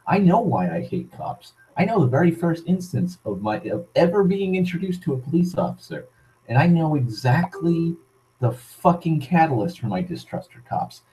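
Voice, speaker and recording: A man with a mid-pitched voice rants through a personal story in a vlog. He swears constantly and restarts his sentences. He talks in a heated, rambling way. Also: darkish tone, rough recording. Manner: profane, heated, full of restarts. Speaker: vlogger.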